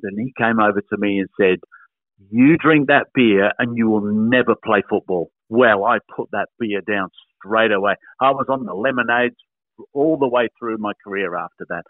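An older Australian man, a former footballer, telling lively anecdotes as an interview guest. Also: lowish voice, fairly quick, no echo. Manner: animated, anecdotal storyteller. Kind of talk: storytelling interview answers. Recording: dry, tinny phone-like radio line.

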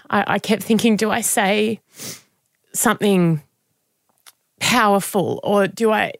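Woman in her thirties, podcast guest; gravelly edge, dry close sound, reflective and halting. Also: medium pitch, no room sound. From Australia. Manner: reflective, halting, with frequent restarts. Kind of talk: candid conversational interview.

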